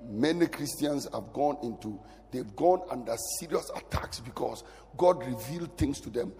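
A man preaching a sermon as pastor, his delivery swinging from loud bursts to near whispers. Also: mid-range voice, normal speed, soft background music. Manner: animated preaching, sudden loud rises and drops to near whisper. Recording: long hall reverb.

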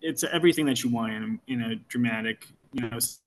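A man's voice: medium pitch, fairly quick. A man joining a casual film podcast. He agrees readily and talks hesitantly, with many "um"s and "yeah"s.

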